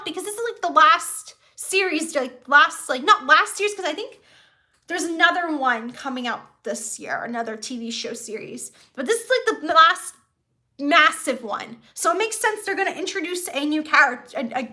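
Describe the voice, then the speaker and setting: A woman's voice: sits high, bright, forceful tone. A woman hosting a live stream from home, chatting casually and rambling, with lots of fillers and restarts. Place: at home with pet kittens.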